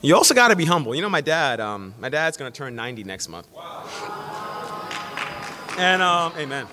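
A middle-aged man preaching a sermon as pastor, telling stories in an animated way and acting out the quotes. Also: fairly high pitch, normal speed, over music. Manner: animated storytelling, acts out quotes. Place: church sanctuary. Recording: echoey church hall.

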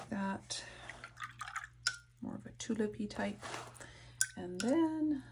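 A soft-spoken woman narrating a painting tutorial, her voice dropping to whispers as she concentrates. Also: a little high, creaky, a little hiss or hum. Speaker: art instructor.

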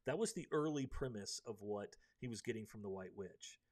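A man's voice: on the low side, lively intonation, moderate pace, a little mellow. A man hosting a live faith-based book discussion, earnest and preachy, with many ums and restarts.

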